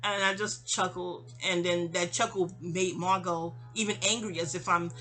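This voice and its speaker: A woman's voice: lowish voice, steady tone, moderate pace, bright, forceful tone. A woman telling a personal story in a rambling, casual storytime style, often repeating words and acting out what others said. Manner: rambling, repeats and restarts words, acts out quotes.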